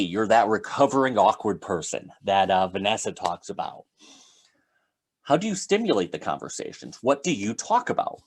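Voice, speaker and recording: Man explaining sales rapport. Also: fairly low pitch. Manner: explaining step by step, conversational with fillers. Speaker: sales trainer. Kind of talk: solo talk.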